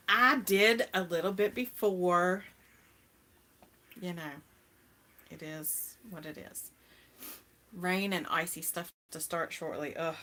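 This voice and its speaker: A middle-aged woman hosting a casual live-stream chat, talking with viewers and laughing often. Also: lowish voice. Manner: chatty, laughs often, greets viewers brightly. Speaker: host.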